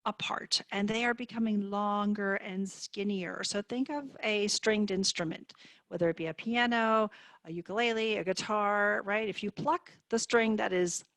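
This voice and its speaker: A woman speech therapist teaching on a video call, in a clear and encouraging manner. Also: medium pitch, fairly even intonation, normal speed, a bit bright, no room sound. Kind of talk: online therapy demonstration.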